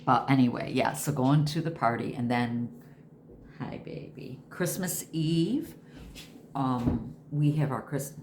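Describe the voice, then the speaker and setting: A woman's voice: a bass voice, unhurried, a little mellow, slight background noise. A woman in her sixties chatting casually to camera at home, rambling from one thing to the next. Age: 60s. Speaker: vlogger.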